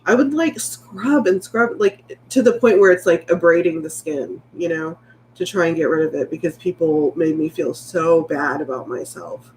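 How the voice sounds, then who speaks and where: During a casual livestream, a late-30s vlogger with a low-pitched voice reads viewer comments at a moderate pace. Her chat is rambling, candid and heartfelt, and a little hiss or hum sits in the background.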